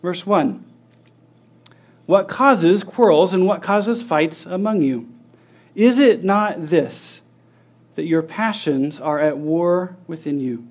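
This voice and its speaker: A man preaching a sermon, teaching earnestly with rhetorical questions and acting out everyday scenes. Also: high-pitched. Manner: acts out scenes with lively voices.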